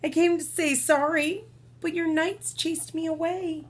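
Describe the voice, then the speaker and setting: A woman voicing a big male dragon who apologizes gently in a picture book story. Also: very high voice, steady tone, pitched above the performer's own voice. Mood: apologetic. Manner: quick, apologetic, pleading.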